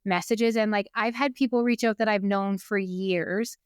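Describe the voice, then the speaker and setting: A woman's voice: mid-range voice, fairly even intonation, normal speed, clear, resonant tone, no echo, studio quality. Upbeat woman podcast co-host. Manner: upbeat, supportive, short agreeing replies. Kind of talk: casual chat.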